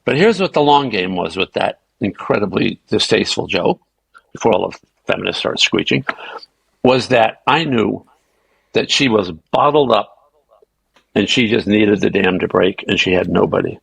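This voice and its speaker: An older man, a guest actor, telling animated, salty anecdotes in an interview. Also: on the low side, normal speed, gravelly, breathy edge, dry recording, rough recording. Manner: animated raconteur, swearing. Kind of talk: anecdotal storytelling.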